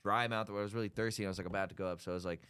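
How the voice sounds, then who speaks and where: A man's voice: on the low side, fairly even intonation, very fast, fairly bright tone, clear, resonant tone. A man chatting casually on a podcast in a laid-back way, with loose phrasing and many filler words. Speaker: podcast guest. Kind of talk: casual chat.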